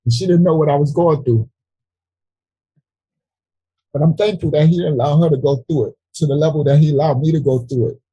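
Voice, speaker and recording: A middle-aged man from New York City sharing an emotional personal testimony at a Bible study, earnest and halting, near tears. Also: a little high, dark tone, breathy edge, no room sound, highs cut off. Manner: earnest, halting, with frequent restarts.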